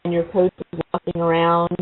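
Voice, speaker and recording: A woman's voice: fairly low pitch, completely flat delivery, brisk. A woman hosting a podcast, interviewing a guest and leading him into a story with enthusiasm. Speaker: podcast host. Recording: tinny phone line with faint hiss.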